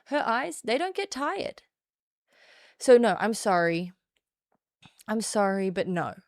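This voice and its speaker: Playful woman streamer with a gravelly edge. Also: medium pitch, very animated, slow, no room sound, studio quality. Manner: chatty, playful, self-mocking. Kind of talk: casual live-stream chat.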